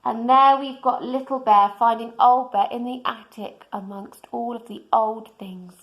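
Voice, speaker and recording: A woman reading a children's storybook aloud in a gentle way, pointing out the pictures to young listeners. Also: fairly high pitch, steady tone, a little slow, rough recording.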